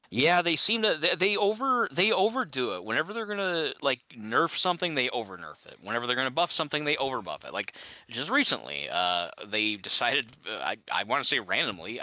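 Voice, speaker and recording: A man's voice: mid-range voice, sharp tone, no echo, poor audio. A man chatting casually while gaming, ranting with exasperation and many restarts. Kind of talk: casual chat.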